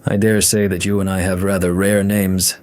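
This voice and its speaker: Male narrator doing an ominous train passenger, formal, courteous, low voice, audio story. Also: level tone, normal speed, a little mellow, clean tone, lightly acted. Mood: polite. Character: polite talkative male passenger with a gloomy edge.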